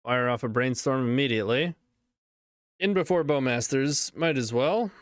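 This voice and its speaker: A man's voice: mid-range voice, normal speed, no echo, studio quality. A man streaming a card game, talking casually through each play and reacting as it unfolds. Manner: casual running commentary, reacting to plays. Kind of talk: live card game commentary.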